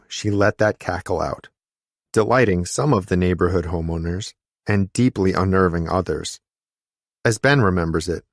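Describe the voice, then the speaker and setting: A man narrating an audiobook in a measured, wry storytelling manner. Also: sits low, dry recording, clean studio sound.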